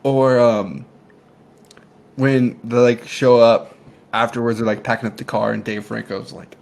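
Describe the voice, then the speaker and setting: A man's voice: mid-range voice, moderate pace, vocal fry, a little hiss or hum. A man co-hosting a casual movie review podcast, retelling scenes with lots of laughter. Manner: animated, laughs often while retelling scenes. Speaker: podcast co-host.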